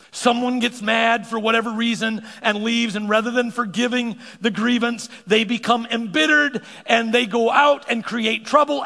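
A man preaching a sermon as pastor, animated and quick to repeat words as he starts a thought. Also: high voice, gravelly. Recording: long hall reverb.

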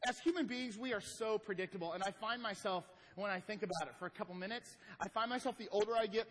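A male pastor delivers a sermon in a fairly high, husky voice. He swings between loud, emphatic lines and hushed, slow ones. The sound carries a long reverb from a large hall.

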